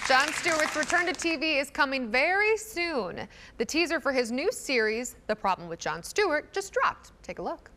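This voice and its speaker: A woman's voice: sits high, sing-song, moderate pace, very noisy. A woman cohosting a live TV talk show, chatty and upbeat as she presents entertainment news.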